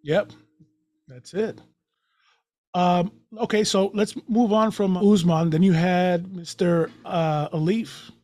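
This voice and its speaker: A man interviewing a fight coach in a relaxed, conversational way, steering the talk with short questions. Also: sits high, takes it slowly, dry recording.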